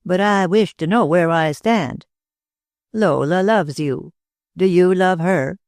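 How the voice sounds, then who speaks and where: A persistent, lovesick detective who keeps pressing his case, as a man reads him aloud. His voice sits a little high and sounds close and dry in a storybook reading. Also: slow pace, no room sound. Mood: earnest.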